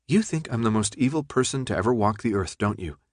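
A man's voice: fairly low pitch, lively intonation, quick pace, dry recording, studio quality. A man reading an audiobook, voicing a young woman who pleads her case insistently. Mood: pleading.

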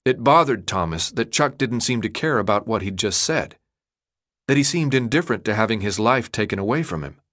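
A man narrating an audiobook in an expressive, dramatic storytelling manner. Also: on the low side, a little fast. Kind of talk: scripted narration.

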